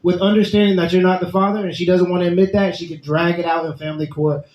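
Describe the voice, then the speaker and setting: A man's voice: high-pitched, little pitch movement, fast, darkish tone. A man co-hosting a reaction show, emphatic, repeating his points for stress. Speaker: co-host reacting to clips. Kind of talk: casual reaction commentary. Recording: roomy, dull-sounding mic.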